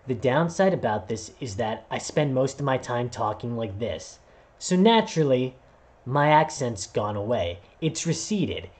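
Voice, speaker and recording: A man and voice actor telling a personal story to camera in a casual vlog, acting out voices as he goes. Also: medium pitch. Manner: animated, acts out voices while telling a story. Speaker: vlogger and voice actor.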